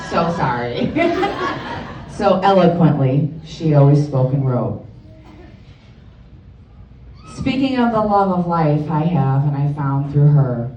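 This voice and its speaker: With a dark, low-pitched voice, a Chicago-area woman eulogizes her best friend in a profane, joking, blunt style. The sound is dull with a bit of hiss or hum, coming from a distant mic in a spacious hall before a crowd.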